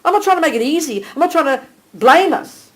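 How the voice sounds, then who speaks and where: A woman teaching a small group live, animated and direct, checking in with listeners by name and calling them darling. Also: high-pitched, brisk, rough recording. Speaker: Buddhist teacher.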